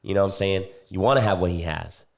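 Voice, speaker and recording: A man's voice: low-pitched, quick pace, vocal fry. A man hosting a podcast in casual chat, loose and joking, swearing freely. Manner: loose, profane, joking banter.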